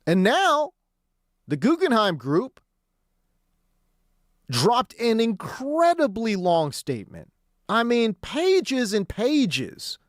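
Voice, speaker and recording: Animated, slangy male sports radio host. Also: high voice, dry recording, clean studio sound. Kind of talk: sports talk radio commentary. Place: radio studio.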